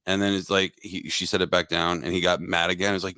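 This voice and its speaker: A man's voice: deep voice, level tone, quick pace, sharp tone, clean tone, no echo, clean studio sound. A man hosting a casual podcast chat, joking in crude banter. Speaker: podcast host.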